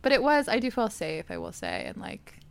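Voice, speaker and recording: A young woman hosting a casual chat, telling an animated story full of quoted dialogue and frequent laughter. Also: fairly high pitch, brisk, gravelly, clean tone.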